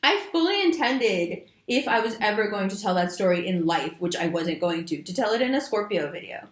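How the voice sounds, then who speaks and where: A woman giving a monthly astrology reading, talking straight to her viewers in an animated, emphatic way with casual slang. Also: medium pitch, a little fast, echoey room. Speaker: astrology reader. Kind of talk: monthly horoscope reading to camera.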